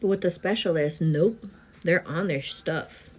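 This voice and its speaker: A pregnant young woman chatting casually to her viewers while getting ready at home, animated and full of fillers. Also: on the low side, measured pace, faint music behind. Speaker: vlogger. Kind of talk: casual get-ready-with-me chat.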